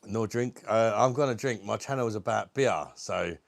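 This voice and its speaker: A gravelly, lowish-voiced British man chats through a casual live beer review at a moderate pace, with no echo on the recording. He welcomes viewers by name, swears casually, and is troubled by a lingering cough.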